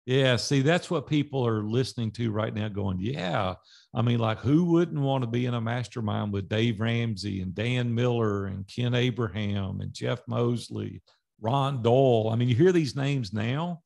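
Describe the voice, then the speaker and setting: A man's voice: mid-range voice, unhurried, creaky. A middle-aged man from Nashville, Tennessee, a podcast guest telling stories in a casual interview and acting out the dialogue in them. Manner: animated storyteller acting out dialogue.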